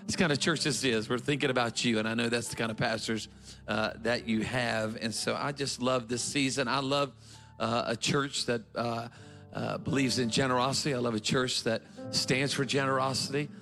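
Enthusiastic guest preacher greeting a crowd. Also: male voice, medium pitch, steady tone, normal speed, fairly bright tone, soft background music. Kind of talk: sermon opening. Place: large church auditorium.

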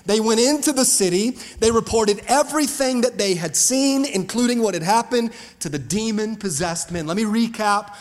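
A man pastor preaching a fiery sermon to his congregation, building up to shouts. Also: sits high, moderate pace, hardly any pauses, long reverb tail. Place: church sanctuary.

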